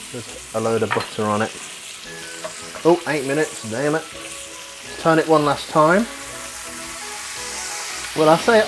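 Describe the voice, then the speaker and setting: A young man talks his way through cooking in a home kitchen, chatty and rambling, with the odd casual swear. Food sizzles in a pan while music plays clearly behind him. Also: mid-range voice, poor audio. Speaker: vlogger. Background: frying sizzle and music.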